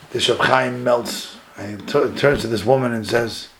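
A man giving a sermon as a rabbi, retelling a story dramatically, his voice jumping higher at key moments. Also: normal speed, hardly any pauses, a bit bright, slight background noise, low-quality recording.

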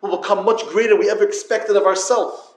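Man, high voice, yeshiva lecturer, yeshivish english, echoey room. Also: steady tone, quick pace. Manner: storytelling, addresses listeners directly; Yiddish-inflected yeshivish English. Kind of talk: Torah talk to yeshiva students.

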